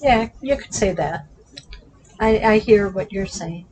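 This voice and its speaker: A woman co-hosting a casual movie chat, direct and quick to push back on her partner. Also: medium pitch, a little mellow, slight background noise, poor audio. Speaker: co-host.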